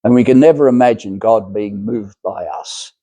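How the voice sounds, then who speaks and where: A man's voice: lowish voice, normal speed, warm tone, no echo. A man giving a spiritual lecture to a small group, talking in a rambling, hesitant way with many fillers and restarts.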